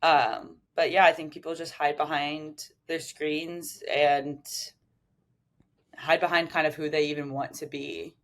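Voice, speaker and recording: A woman's voice: sits low, flat delivery, unhurried. A woman in her twenties cohosting a podcast, chatting candidly with many "like" fillers. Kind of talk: casual chat.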